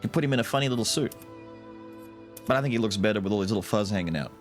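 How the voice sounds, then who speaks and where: A man's voice: lowish voice, rapid-fire. A young man streaming a video game, chatting casually with jokes and rambling asides. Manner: animated, joking, rambling. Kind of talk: casual live gameplay commentary. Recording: game music in background.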